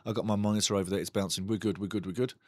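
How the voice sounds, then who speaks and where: A man hosting a live football watchalong, calling the match excitedly and reading chat messages aloud. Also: lowish voice, racing, no echo, clean studio sound. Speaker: watchalong host. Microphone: studio mic.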